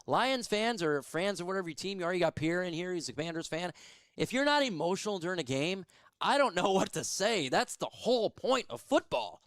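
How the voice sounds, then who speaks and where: An excitable man calls a football game as a fan, his voice pitched a little high and smooth, recorded dry and close. He gets emotional and loud on big plays, then settles into chatty talk with his viewers. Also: brisk, dry recording. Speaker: fan play-by-play streamer. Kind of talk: live fan play-by-play and chat.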